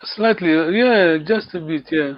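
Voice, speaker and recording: Slow-talking man teaching a language class. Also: a little high, dry recording, muffled recording. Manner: encouraging, repeats words slowly, laughs often.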